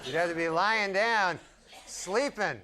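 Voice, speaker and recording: A man doing stand-up in a drawling, deadpan voice that sits fairly high. His rambling asides come over a loud live crowd with plenty of noise in the mix. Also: slow pace. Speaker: stand-up comedian. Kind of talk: stand-up comedy set. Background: audience laughter.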